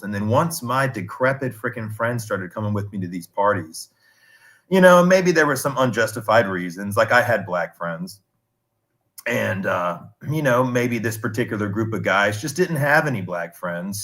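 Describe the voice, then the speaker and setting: A man's voice: on the low side, fairly bright tone. Rambling, digressive man in his thirties. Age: 30s. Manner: rambling, digressive storytelling with laughs and restarts. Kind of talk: casual stream chat.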